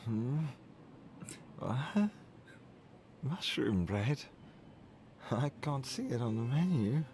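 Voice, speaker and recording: A man's voice: mid-range voice, lively intonation, very slow, darkish tone, a little hiss or hum. An actor with a British accent playing a weary, sleepy young male miner in a video game, in a drowsy, rambling manner.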